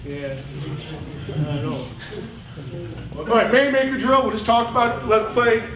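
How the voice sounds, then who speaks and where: This football coach has a very high voice and talks a little slowly while going over game film at a clinic. Even so, he's animated, blunt, and fired up, speaking with fire. A distant mic captures him in a roomy space with some faint noise.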